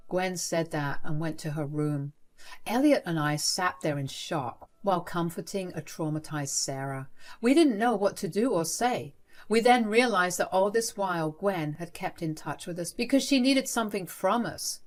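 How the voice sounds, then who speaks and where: Woman narrator, scripted storytelling, even delivery, lowish voice. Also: moderate pace.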